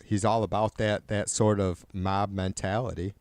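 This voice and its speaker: A man's voice: fairly low pitch, flat delivery, moderate pace, darkish tone, dry recording. Profane, heated man ranting on a livestream. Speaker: livestream host. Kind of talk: casual livestream chat.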